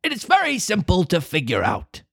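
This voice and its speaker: A woman voicing a sly, smooth-talking male fox swindler in a storybook read-aloud, coaxing and persuasive. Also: fairly low pitch, huge pitch swings, no echo, clean studio sound, voice pushed up, exaggerated voice. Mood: scheming. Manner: coaxing, persuasive, drawn-out words.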